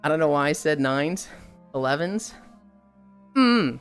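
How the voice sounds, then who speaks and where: A woman's voice: sits low, unhurried, clean tone. Young woman streamer yapping to chat, swears a lot, voice jumps all over, a little music underneath. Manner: animated, profane, storytelling. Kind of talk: casual chat with viewers.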